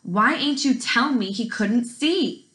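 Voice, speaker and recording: A nervous, curious young boy who asks hard questions, as a woman teacher reads him aloud. The voice stays bright and only lightly changed from her own. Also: on the high side, very animated, measured pace, voice pushed up, full character voice. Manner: hesitant, asking.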